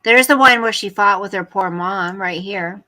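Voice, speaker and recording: A woman's voice: mid-range voice, moderate pace, pushed and bright, low-quality recording. A woman hosting a casual livestream, talking bluntly and rambling to her chat and her pet at home. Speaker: livestream host. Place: home room.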